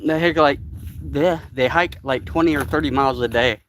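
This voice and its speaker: A man's voice: mid-range voice, moderate pace, a bit bright, a little hiss or hum. Winded man puffing up a trail. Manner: puffing, muttering to himself between climbs. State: out of breath. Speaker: vlogger. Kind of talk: live-streamed hiking vlog. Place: steep trail outdoors.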